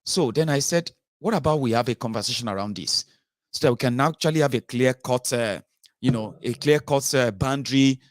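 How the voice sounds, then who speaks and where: A man's voice: mid-range voice, a little fast, no echo, studio quality. A Nigerian man giving an impassioned commentary monologue, emphatic and rhetorical, with many filler sounds. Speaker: political commentary host.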